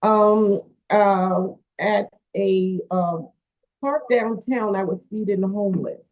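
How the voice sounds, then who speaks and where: A woman's voice: mid-range voice, steady tone, takes it slowly. A woman, a wrestler's manager and caretaker, telling a story in a rambling way with many fillers, heard over a phone-like line. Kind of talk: casual interview storytelling.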